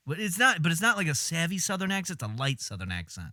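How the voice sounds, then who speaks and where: A man streaming casual commentary on film clips, animated and exasperated, swearing and laughing as he talks. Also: a little high, fast talker, hardly any pauses, no room sound, studio quality.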